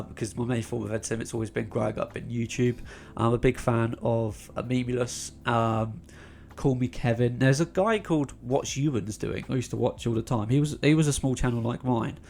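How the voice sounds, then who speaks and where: A man's voice: medium pitch, creaky, darkish tone, a little hiss or hum. Chatty young British man, North London accent. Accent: North London English. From England. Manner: chatty, rambling, many ums and restarts. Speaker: YouTube channel host. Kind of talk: casual Q&A vlog.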